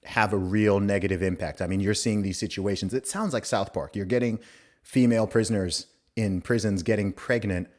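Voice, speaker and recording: A man's voice: lowish voice, moderate pace, darkish tone. A man hosting a podcast conversation, talking emphatically and repeating his points. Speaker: podcast host. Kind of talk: casual conversation.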